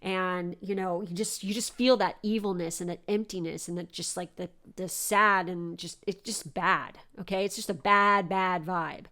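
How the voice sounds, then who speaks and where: A young adult woman hosting a podcast, telling a story in a casual, animated way and swearing often. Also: on the low side, moderate pace, few pauses. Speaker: podcast host.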